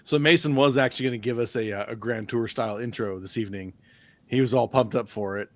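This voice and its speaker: A man's voice: mid-range voice, fast. A man co-hosting a podcast, chatting casually with a lot of swearing and laughter. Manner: laughs often, mock voices when quoting. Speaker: podcast co-host. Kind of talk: casual profane banter.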